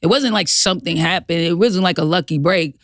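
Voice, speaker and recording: A woman's voice: fairly low pitch, fairly quick, dry recording, clean studio sound. A woman comedian guesting on a podcast, talking in a laid-back, slangy way with lots of swearing and laughter. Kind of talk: casual chat.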